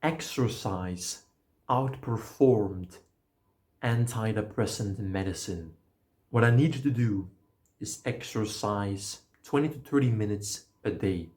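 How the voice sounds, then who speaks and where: Man, motivational explainer, energetic and casual, somewhat low voice. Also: slow pace. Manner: energetic, casual, swears at times. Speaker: self-help video creator.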